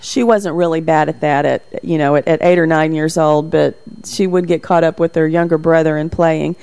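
A woman's voice: low-pitched, steady tone, moderate pace, gravelly, dark tone, smooth. A middle-aged woman giving a talk on raising children, telling stories from home and acting out what she said to her kids. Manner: anecdotal, acts out quotes with livelier voice. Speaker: parenting speaker. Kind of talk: talk on parenting.

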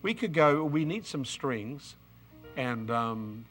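A man's voice: mid-range voice, animated, slow pace, a bit bright, soft background music. A man in his seventies with an Australian accent, preaching an emotional, exuberant sermon with bursts of praise and repeated words.

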